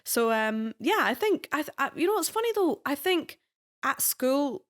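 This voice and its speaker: A bright-pitched Scottish woman in her twenties chats away as a podcast guest. She is animated and lively, laughing often as she talks. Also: moderate pace. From Scotland. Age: 20s. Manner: chatty and animated, laughing easily. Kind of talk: casual interview chat.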